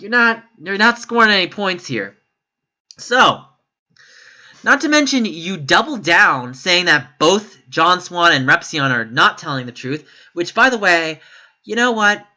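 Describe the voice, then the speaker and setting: A YouTube commentator offers opinions in a vlog with a high-pitched, sing-song, sharp voice and an unhurried pace. He talks emphatically and ramblingly, correcting himself as he goes and breaking into sudden exasperated outbursts.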